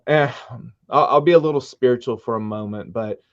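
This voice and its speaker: A man's voice: medium pitch, fairly quick, dry recording. Earnest middle-aged man telling his story. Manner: earnest storytelling, animated retellings. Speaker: musician guest. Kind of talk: casual interview chat. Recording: dull dry sound.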